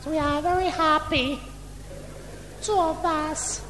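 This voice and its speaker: A man's voice: very high voice, fairly even intonation, slow. A man doing a chatty house-proud wife. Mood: gushing. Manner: rambling, fussy and giggly. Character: doting married woman, chatty and house-proud. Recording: long hall reverb, faint room noise.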